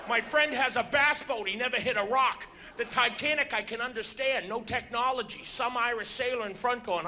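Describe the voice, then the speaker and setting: A male stand-up comedian telling animated stories on a theater stage, breaking into sudden shouts. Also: very high-pitched, moderate pace, few pauses, slight background noise. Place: theater stage before a live audience.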